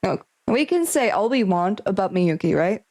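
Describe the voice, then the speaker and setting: A young woman streaming a visual novel, reading the game text aloud and thinking out loud between lines in a chatty, speculative way. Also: medium pitch, big pitch swings, normal speed, rough recording.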